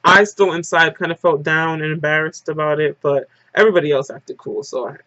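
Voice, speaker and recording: A woman's voice: deep voice, fairly even intonation, brisk, a bit bright, dry recording. A woman rambles through a dramatic story-time retelling, dropping "like" into nearly every phrase. Her voice comes through a dull, lo-fi recording. The room sounds close and dry. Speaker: vlogger. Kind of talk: casual story-time monologue.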